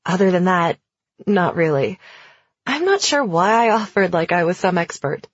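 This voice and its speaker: Woman reading an upbeat teen theater girl, husky voice, dull lo-fi sound. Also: lowish voice, very animated, moderate pace, no echo. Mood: friendly. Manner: upbeat, chatty. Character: friendly teenage girl, confident theater kid.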